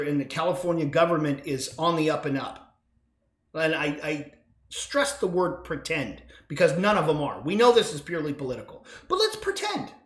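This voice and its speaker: A man's voice: fairly high pitch, reverberant. A man hosting a solo political commentary podcast, combative and sarcastic, with sudden emphatic bursts. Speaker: podcast host.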